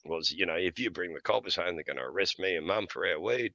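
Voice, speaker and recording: A man's voice: low voice, expressive, quick pace, bright, forceful tone, no room sound, highs cut off. A middle-aged man telling blunt, profane stories in casual chat, often laughing between lines. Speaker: podcast host.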